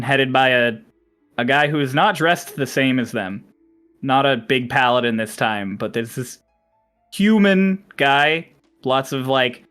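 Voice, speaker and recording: A man's voice: medium pitch, pushed and bright, smooth. A man narrating a tabletop game as game master, describing scenes casually with fillers.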